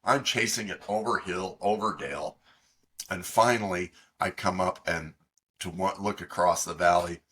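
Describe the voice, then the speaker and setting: A middle-aged man co-hosting a podcast, telling a long, halting story in casual chat with many fillers. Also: sits low, fairly bright tone, husky. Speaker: podcast co-host.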